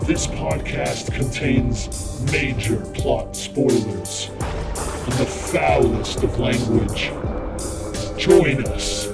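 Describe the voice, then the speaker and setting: Give me a man with a gravelly voice narrating a slow horror intro over loud music. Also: medium pitch. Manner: slow, gravelly, ominous delivery. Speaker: show announcer.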